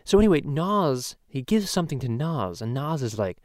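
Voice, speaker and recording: A man's voice: fairly high pitch, big pitch swings, normal speed, dry recording, studio quality. A man doing a crude rambling cartoon dad. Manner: rambling, profane, loose storytelling. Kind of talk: casual podcast chat.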